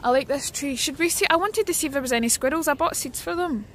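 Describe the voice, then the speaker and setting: A young Scottish woman streaming from a city park on a handheld phone, chatting excitedly to the birds and her viewers. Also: high voice, quick pace. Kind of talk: casual outdoor stream chat. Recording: outdoor phone stream with noise.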